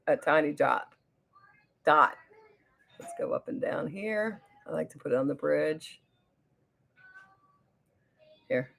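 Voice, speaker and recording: Hosting a casual makeup livestream, a New Jersey woman chats with viewers and reads their comments aloud, often trailing off mid-sentence as she works on her face. Her low, creaky voice is a bit bright, with lively intonation. She takes it slowly, with long pauses.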